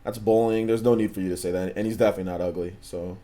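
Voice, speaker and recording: Low-pitched male stream host, relaxed and slangy, loops back on his words. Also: very fast. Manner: laid-back, slangy, repeats himself. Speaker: livestream host. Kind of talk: casual livestream chat, reading chat messages.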